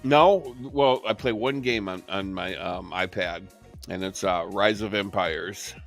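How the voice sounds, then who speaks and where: A man with a lowish voice co-hosts a late-night chat show and tells stories in a profane, animated style. He swears freely as he talks. Faint music plays behind him. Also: unhurried. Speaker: co-host.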